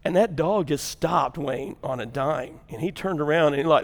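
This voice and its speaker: An older man, preaching a sermon in a church with folksy storytelling, going from loud and animated to hushed and intense. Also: a little high, brisk, hardly any pauses, big-room sound. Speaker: pastor.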